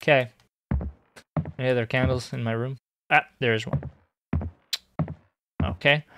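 A young man streaming a horror game, joking and excitable, bursting into high squeaky outbursts. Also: measured pace, music in the background. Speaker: gaming streamer.

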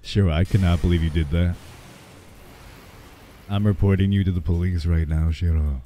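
A man livestreaming, a bit hoarse, rambling and joking casually with his chat. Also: low-pitched, steady tone, normal speed, warm tone, faint music behind.

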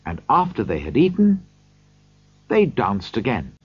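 Male audiobook narrator, slow husky voice, very lively pitch, dry slightly dull recording. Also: no echo. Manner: slow, clear reading for learners.

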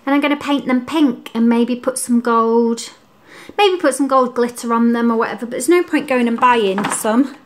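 With a little hiss or hum in the recording, a young woman speaks at normal speed in a fairly high voice for her upbeat lifestyle vlog. She chats about her home and Christmas tree with frequent ums, filmed on a camera mic in her living room, which sounds roomy.

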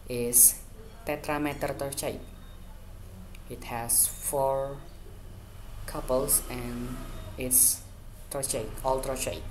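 A man presenting a student lesson on poetic meter, going methodically through each word and repeating it as he breaks it into syllables. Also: mid-range voice. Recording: roomy echo with faint background hum.

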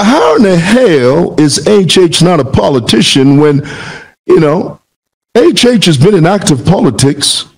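A political commentator from Zambia delivers a heated reaction, combative and rhetorical, repeating phrases for emphasis. His voice is high-pitched, and the audio is poor.

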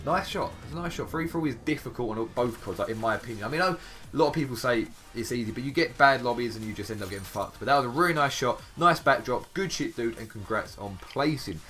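A young English man rattles through gaming highlights at a brisk clip, his voice sitting at an ordinary middle pitch. His commentary is casual and chatty, full of offhand swearing and quick congratulations, while music plays steadily underneath. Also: animated, a bit bright. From England. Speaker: gaming YouTuber. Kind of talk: casual commentary over game clips. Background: background music.

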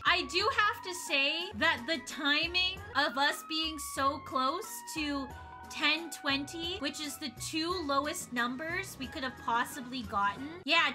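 Excitable high-voiced woman streaming a game. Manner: excitable, thinking aloud, counting under her breath. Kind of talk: live game stream chat. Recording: background music under voice.

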